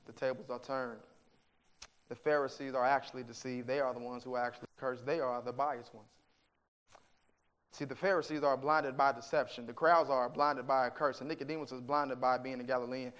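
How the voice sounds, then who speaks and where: A man preaching a sermon, with emphatic delivery that swings from hushed to forceful, asking rhetorical questions and quoting scripture. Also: mid-range voice.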